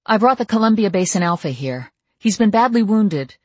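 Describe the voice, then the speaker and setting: Narrator doing the heroine: raised, brisk young woman's voice, dry close read. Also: medium pitch, lively intonation, no room sound, pitched above the performer's own voice, natural voice. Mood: urgent. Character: young shapeshifter woman, brisk and plain-spoken.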